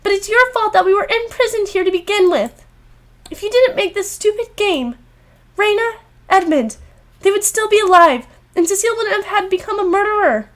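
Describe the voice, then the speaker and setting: A woman voicing a high, urgent schoolgirl heroine. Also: unhurried. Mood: accusing. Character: earnest teenage schoolgirl heroine, emotional.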